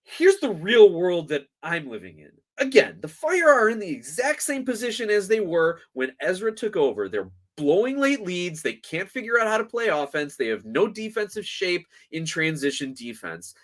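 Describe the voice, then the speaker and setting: A man's voice: high-pitched, very animated, normal speed, hardly any pauses. A man hosting a sports podcast, ranting in an exasperated, sarcastic and emphatic way. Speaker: podcast host. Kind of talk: opinionated sports podcast rant.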